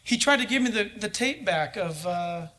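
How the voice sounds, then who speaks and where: Male preacher, high-pitched and forceful, lively anecdotal storyteller. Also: moderate pace. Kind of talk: storytelling in a sermon.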